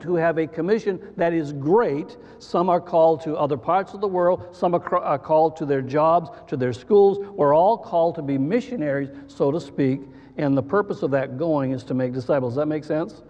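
A man preaching a sermon as pastor, halting, with frequent fillers and restarts. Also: fairly high pitch, a little mellow. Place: church sanctuary. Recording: muffled church hall with long reverb.

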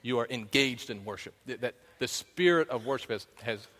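In a church sanctuary full of long hall reverb, a man delivers a chatty sermon at a moderate pace. His voice sits in the middle range with a fairly bright tone, and he often checks in with "right?" and breaks into bits of song.

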